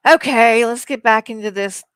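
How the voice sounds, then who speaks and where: A woman's voice: on the high side, moderate pace, a bit bright, clear, resonant tone, no room sound. A woman, chatting casually as co-host of a stream, cooing over her dog and swearing freely. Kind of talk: casual chat on a livestream.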